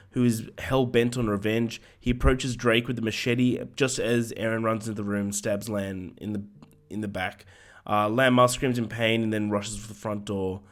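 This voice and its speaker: A man co-hosting a film podcast, recapping the plot in casual chat with lots of ums and swearing asides, his voice hoarse. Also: lowish voice. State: hoarse, voice going.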